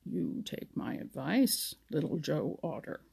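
Wise old grandpa frog played by a woman, mild and easygoing, raspy low voice. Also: lively intonation, dark tone, heavily acted. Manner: mild, unhurried, stammering. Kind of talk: storybook reading.

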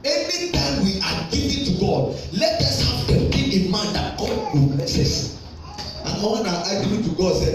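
A male pastor preaches in a high, lively voice, repeating his key lines for emphasis. He is picked up from a distance in a very echoey church hall. Music plays clearly behind him. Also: normal speed. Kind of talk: sermon.

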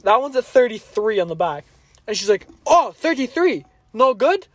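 A man co-hosting a casual podcast, spinning a long profane story from work. His voice sits high for a man and the sound is dry and close, with no room around it. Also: very animated, normal speed, fairly bright tone, no echo. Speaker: podcast co-host.

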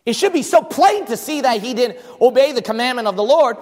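High, lively preaching man in an echoey hall. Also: brisk. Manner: fervent preaching with rhetorical questions to the congregation. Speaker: pastor. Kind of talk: sermon.

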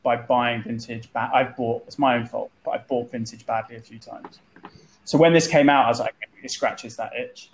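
A man's voice: medium pitch, steady tone, normal speed, poor audio. Chatty storytelling man. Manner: chatty storyteller, repeats words at the start of a phrase. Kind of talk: casual group chat. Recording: light background noise.

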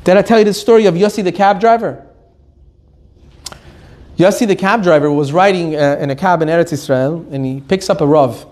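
A man giving an animated Torah lesson, joking, laughing often and telling stories with Hebrew terms mixed in. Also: high-pitched, a little fast. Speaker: Torah teacher.

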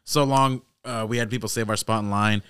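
A man's voice: on the low side, brisk, clear, resonant tone, no echo, studio quality. Cussing young man hosting a chat. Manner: profane, slangy, animated banter. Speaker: podcast host. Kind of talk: casual chat.

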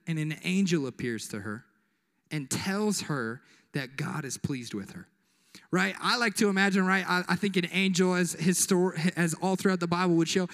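A man's voice: high-pitched, a bit bright. A young man preaching a casual, joking sermon as youth pastor, full of slang and asides. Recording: echoey hall.

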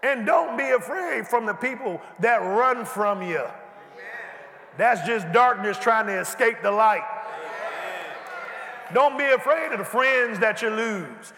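A man preaching a sermon, calling out to the congregation and building to shouts. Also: very high voice, lively intonation, slow pace, pauses often. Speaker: pastor. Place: large church hall. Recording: echoey church hall.

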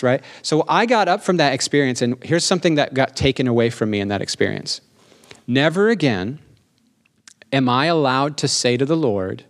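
A middle-aged man preaches a sermon in an animated, emphatic way, often asking for an amen. His voice sits at a middle pitch, and it climbs and slows when he wants a point to land. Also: gravelly. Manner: animated, emphatic, asks the congregation for amens; slows down for emphasis, rising pitch on key lines. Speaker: pastor.

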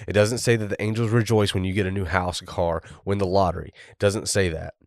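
A man's voice: low voice, fairly even intonation, fast talker, gravelly, no room sound, clean studio sound. A man hosting a Christian podcast, delivering an earnest, exhorting monologue and sometimes spelling out words for emphasis. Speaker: podcast host.

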